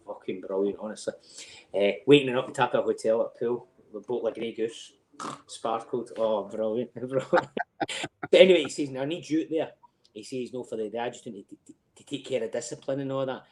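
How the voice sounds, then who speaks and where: A middle-aged Scottish man telling stories as a podcast guest in a casual, animated way, swearing freely and laughing between lines. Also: lowish voice.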